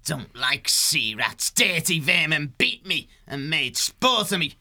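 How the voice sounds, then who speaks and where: A man voicing a gruff, stubborn old squirrel who talks in a blunt growl. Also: on the high side, big pitch swings, slow, pushed and bright, voice pushed up, full character voice.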